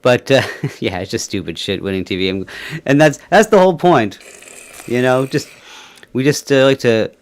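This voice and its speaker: A man's voice: medium pitch, lively intonation, moderate pace. A man hosting a casual livestream, rambling with many fillers and little chuckles. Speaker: livestream host. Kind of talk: casual chat.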